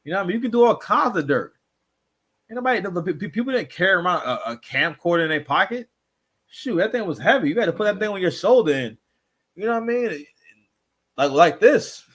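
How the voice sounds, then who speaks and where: Dude hosting a chill reaction show, kinda high voice, rambles and repeats himself a lot. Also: male voice, expressive, quick pace, a bit bright. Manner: rambling, repeats himself, constant filler phrases. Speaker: commentary show host. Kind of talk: casual reaction commentary.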